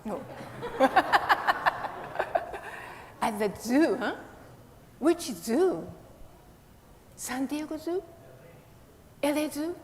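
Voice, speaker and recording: A woman's voice: high voice, very slow, pauses often. Playful woman minister, echoey hall. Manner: playful, animated, coaxing questions to children. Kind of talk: children's sermon with a puppet. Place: temple hall. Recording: echoey hall, faint hiss.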